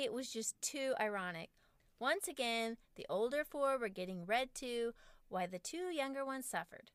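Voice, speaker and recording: A woman's voice: on the high side, clear, resonant tone, no echo, clean studio sound. A woman in her forties, a podcast host, reading her own parenting book aloud with wry, self-mocking humor.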